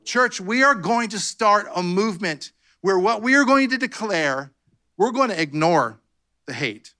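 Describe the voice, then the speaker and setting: Man, pastor, sermon, high voice, bright tone, fervent, church sanctuary. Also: lively intonation, measured pace. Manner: fervent, repeats "come on" and "amen" to the congregation.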